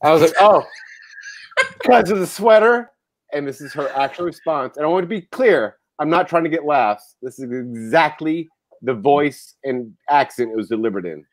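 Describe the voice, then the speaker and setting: A podcast co-host tells a story in casual chat, animated, with a lively pitch and moderate pace, swearing freely as he goes. The recording is dry.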